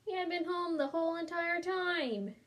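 A woman reading a storybook aloud as a smooth-talking male wolf, chatty and wry in tone. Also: very high voice, moderate pace, fairly bright tone, pitched above the performer's own voice. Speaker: storybook reader. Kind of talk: children's read-aloud.

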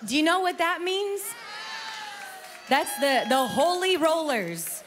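A woman's voice: very high-pitched, very animated, slow, a crowd in the background, background noise. A middle-aged woman, a singer, sharing her personal testimony as heartfelt storytelling, acting out her younger self.

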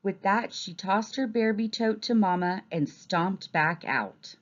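A teacher reading a storybook aloud in a gentle, expressive manner. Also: female voice, mid-range voice, a little slow, lo-fi sound.

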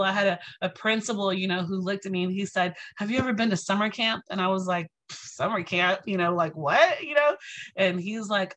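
A woman giving an inspirational lecture, telling lively stories and acting out the voices of people she quotes, with lots of "you know" and "right". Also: medium pitch, rough recording. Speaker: speaker.

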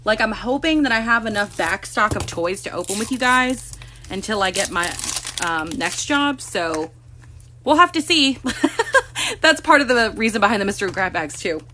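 A woman's voice: medium pitch, expressive, normal speed, bright, forceful tone, a little hiss or hum. A woman hosting a casual live stream from a room at home, chatting to viewers and cooing baby talk to her cats.

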